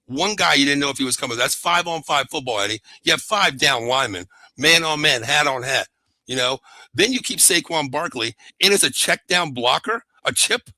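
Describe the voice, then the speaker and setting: A man co-hosting a football talk show, breaking down plays with heated energy. His voice is sharp and bright and swings from low to high as he gets worked up. The sound is dry and close to the mic. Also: dry recording, poor audio. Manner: fired-up, keeps repeating the co-host's name; rants and shouts in frustration. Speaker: sports podcast co-host.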